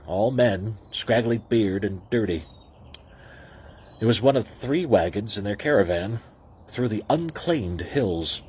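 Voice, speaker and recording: A man casually reading a novel aloud, who breaks off into excited asides. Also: fairly low pitch, slightly rough. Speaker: reader.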